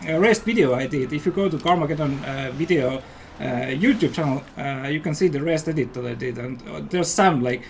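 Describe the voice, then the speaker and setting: A man's voice: on the high side, a little fast, hardly any pauses, a little hiss or hum. A man with an Estonian accent chatting casually while playing a game on a livestream, rambling and enthusiastic. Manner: rambling and enthusiastic, many fillers. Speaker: game developer and guest player.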